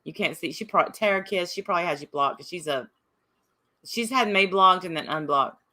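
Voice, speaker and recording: A woman's voice: lowish voice, brisk, sharp tone. A woman from Appalachia, hosting a casual livestream and sparring with commenters in her chat. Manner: combative, reading and answering chat comments. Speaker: livestream host.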